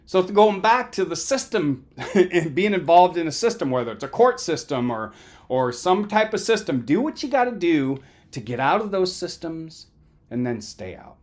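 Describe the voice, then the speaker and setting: Middle-aged male counselor, emphatic and conversational, keeps asking "right?"; very animated delivery. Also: a little high, normal speed. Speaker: counselor giving a lecture. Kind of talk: motivational talk.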